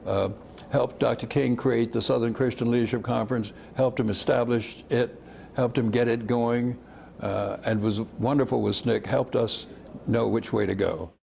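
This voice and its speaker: A man's voice: medium pitch, steady tone, moderate pace, creaky, a little mellow, a little hiss or hum. An older man, a civil rights veteran, describing old photos fondly, often chuckling and trailing off. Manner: chuckling, fond, rambling. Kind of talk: reminiscing talk.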